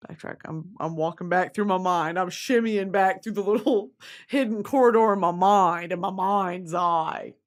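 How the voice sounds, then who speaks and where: A woman's voice: medium pitch, normal speed. A young woman vlogging in casual chat, rambling, gushing and giggling as she talks to her viewers.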